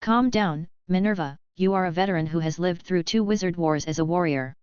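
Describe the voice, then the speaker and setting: A woman voicing an elderly male headmaster wizard, speaking calmly, politely and in a measured way. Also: on the low side, clear, resonant tone, no room sound, dull audio, natural voice. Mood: calm, gentle.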